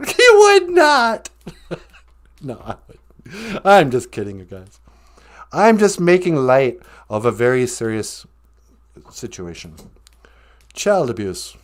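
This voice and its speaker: A man hosting a comedy podcast, delivering deadpan jokes and mock infomercial lines with bursts of laughter. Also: medium pitch, slow pace, pauses often. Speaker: podcast host. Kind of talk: joking comedic monologue.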